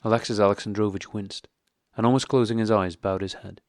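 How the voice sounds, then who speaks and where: Low-voiced male audiobook narrator. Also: steady tone, fairly quick, darkish tone, no room sound, clean studio sound. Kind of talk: scripted narration of a classic novel.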